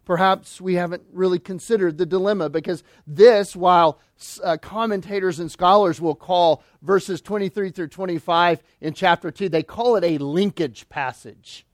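A man preaching a sermon as pastor, emphatic, slowing down and dropping low on key phrases. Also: no room sound, clean studio sound.

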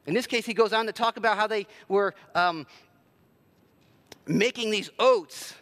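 A man's voice: high-pitched, a little slow, a bit bright. A man preaching a sermon in a conversational, self-deprecating way with plenty of filler words. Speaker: pastor.

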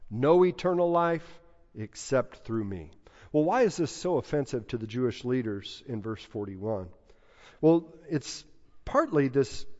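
A male pastor preaches slowly and deliberately, leaning on repeated phrases for emphasis. His voice rings out in a large reverberant hall. The recording sounds muffled and lo-fi. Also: mid-range voice, a little mellow. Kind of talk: sermon.

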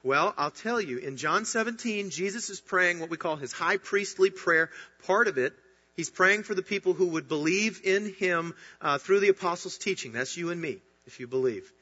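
A pastor delivers an earnest, emphatic sermon in a high, breathy-edged male voice at a moderate pace, his preaching rising in bursts of excitement. The sound is dull, with a long hall reverb.

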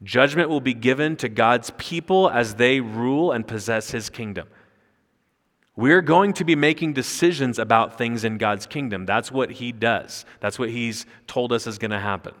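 A man's voice: mid-range voice, moderate pace, fairly bright tone. Emphatic male pastor preaching in a hall. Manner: emphatic, rising sharply when quoting scripture. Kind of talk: expository sermon. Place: church sanctuary. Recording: long hall reverb.

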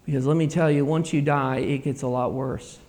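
A male pastor preaching a sermon, earnest and repetitive, swinging between quiet passages and loud emphatic ones. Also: mid-range voice, fairly even intonation, fairly quick.

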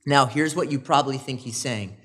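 A man preaching a sermon, animated and rising loud on emphasis, with quoted asides. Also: mid-range voice, brisk, breathy edge. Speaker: pastor.

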